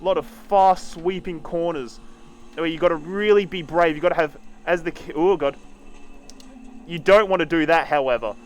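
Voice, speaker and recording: A man's voice: on the high side, normal speed. A man streaming a racing game, casually talking through each corner as he drives and swearing now and then. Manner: casual, swears, talks while driving. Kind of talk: live sim-racing commentary.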